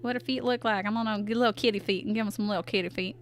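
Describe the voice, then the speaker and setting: A woman's voice: mid-range voice, fairly even intonation, very fast, soft background music. A young woman chatting playfully with her live chat as she draws, answering them aloud. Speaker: artist streamer. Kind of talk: casual livestream chat while drawing.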